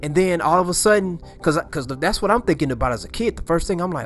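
A man's voice: fairly high pitch, animated, fast, faint music behind. Rambling man retelling a movie scene. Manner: rambling, repeats himself, slangy asides. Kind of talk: casual storytelling.

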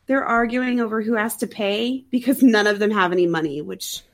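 A woman's voice: mid-range voice, a little fast. Chatty wry woman recapping a movie. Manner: chatty, wry, laughs often. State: sounds sick. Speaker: podcast co-host. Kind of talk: casual chat recapping a movie.

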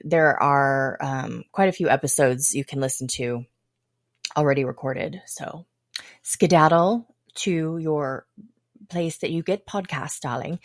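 A woman's voice: low-pitched, no echo, studio quality. Playful, irreverent woman podcast host. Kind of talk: casual chat.

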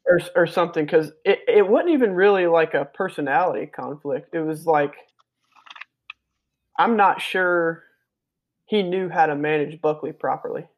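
On a podcast, a man with a slightly high voice chats casually at a moderate pace. He's a loose, profane storyteller who laughs his way through rambling anecdotes, swearing now and then.

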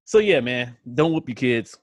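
Young dude joking around on a podcast, mid-pitch voice, dry close sound. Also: male voice, lively intonation, dry recording. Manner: joking, quick to laugh and tease. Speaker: podcast co-host. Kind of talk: casual chat.

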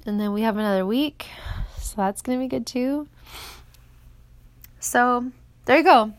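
A woman's voice: fairly high pitch, unhurried, no room sound. Emotional woman in her forties rambling. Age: 40s. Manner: emotional, rambling, tearful at times. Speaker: podcast host. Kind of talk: off-the-cuff personal monologue. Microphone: phone held in hand.

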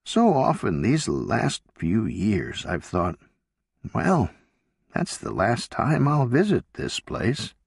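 Old lady talking frank and musing, higher voice guy doing her, still kinda gravelly. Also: wildly swooping pitch, takes it slowly, no echo, clean studio sound, heavily acted. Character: elderly woman, calm and candid wife.

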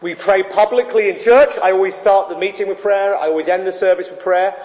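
A man's voice: high-pitched, fairly even intonation, brisk, darkish tone. A man preaching a sermon as a pastor, conversational and given to digressions. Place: church. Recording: echoey hall, dull sound.

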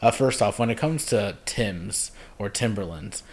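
A man's voice: lowish voice, animated, measured pace, darkish tone, slightly rough. A man from Chicago hosting a casual podcast chat, laid-back and laughing often. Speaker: podcast host.

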